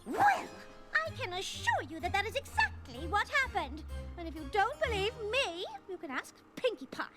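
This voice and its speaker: A woman voicing a posh, dramatic, fashionable female unicorn who speaks in a refined, theatrical way with drawn-out vowels. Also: very high-pitched, big pitch swings. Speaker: cartoon character and narrator. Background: loud cartoon music.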